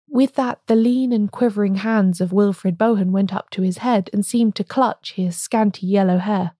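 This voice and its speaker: Narrator, woman, mellow and dark-toned, dry close sound. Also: medium pitch, fairly even intonation, moderate pace, hardly any pauses, no room sound. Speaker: audiobook reader. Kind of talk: scripted narration.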